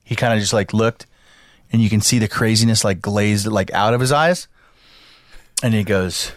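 A podcast co-host tells a story in casual chat, animated and swearing as he acts out the voices of the people in it. His voice is medium-pitched at a moderate pace with long pauses, recorded with studio quality and no room sound.

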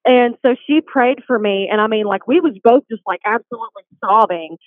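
A woman's voice: a little high, a little fast, dry recording. Woman on a tinny phone line. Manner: earnest, animated storytelling. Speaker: guest. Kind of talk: faith testimony chat.

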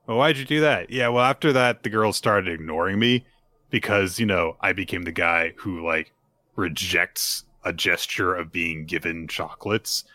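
A man's voice: deep voice, moderate pace, pushed and bright, no echo. A man co-hosting a podcast, casually recapping manga chapters and acting out the characters' lines. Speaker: podcast co-host.

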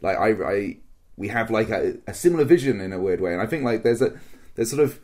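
A man's voice: fairly low pitch, expressive, darkish tone. A man co-hosting a podcast, talking earnestly in a casual chat, often stopping and restarting his sentences. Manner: halting, full of restarts, earnest. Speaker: podcast co-host. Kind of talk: casual chat about a live-action roleplay event.

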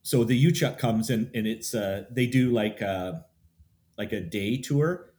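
Male guest, relaxed storyteller, average pitch, easygoing delivery. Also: a little slow. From Canada. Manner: chatty, quotes people in stories. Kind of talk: casual storytelling.

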